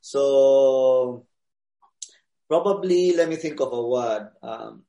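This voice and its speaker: A man answering interview questions in a casual, relaxed way, pausing often with fillers. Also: mid-range voice, reverberant. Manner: relaxed, hesitant with many fillers. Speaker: interview guest, DJ.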